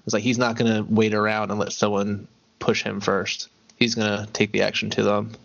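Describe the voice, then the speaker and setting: A man co-hosting a podcast, chatting casually about a TV episode in a measured, thoughtful way with dry humor. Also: on the low side, little pitch movement, vocal fry, a bit bright, dull audio. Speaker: podcast co-host. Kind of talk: casual chat recapping a TV episode.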